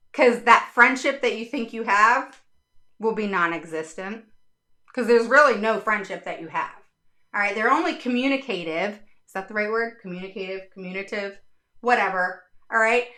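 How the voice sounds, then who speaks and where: A middle-aged woman talks straight to her viewers as a special education advocate, blunt and unsugarcoated, with the odd casual curse. Her voice is bright and sits a little high. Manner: frank, blunt, swears casually.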